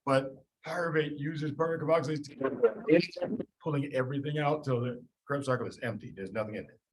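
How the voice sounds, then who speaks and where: A middle-aged man lecturing medical students in an animated, folksy, joking storytelling way. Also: mid-range voice, fairly quick, poor audio. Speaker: medical school biochemistry lecturer.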